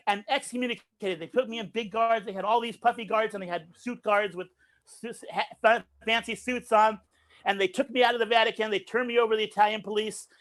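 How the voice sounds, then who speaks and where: High-voiced man telling a comic story. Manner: animated, acts out voices, laughs at own jokes. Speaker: comedian. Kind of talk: storytelling stand-up over a video stream. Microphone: video call.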